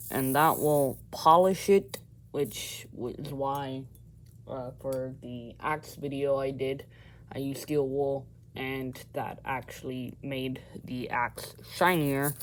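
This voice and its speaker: A man chatting casually through an outdoor how-to vlog, rambling and often correcting himself, recorded on a camera mic by a fire. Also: medium pitch. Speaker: vlogger.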